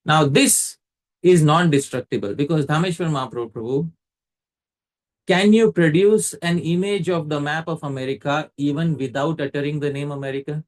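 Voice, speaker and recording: Measured man teaching scripture. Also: fairly high pitch. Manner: measured and explanatory, quizzing the listener. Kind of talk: scriptural lecture.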